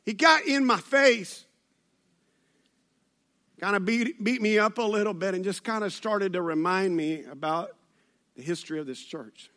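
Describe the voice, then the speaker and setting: A pastor with a drawl delivers a sermon in a high, light voice. He talks to his congregation conversationally and teases them with jokes. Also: measured pace, pauses often, pushed and bright. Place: church service.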